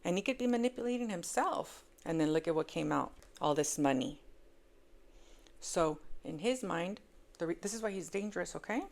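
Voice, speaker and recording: A woman with a low, gravelly voice talks through a tarot reading in a loose, casual way. She hammers points home by repeating words. She drops into near-mutters, then jumps up into loud, high exclamations. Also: animated, moderate pace. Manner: emphatic, repeats words for effect; swings between hushed asides and loud exclaims. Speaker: tarot reader.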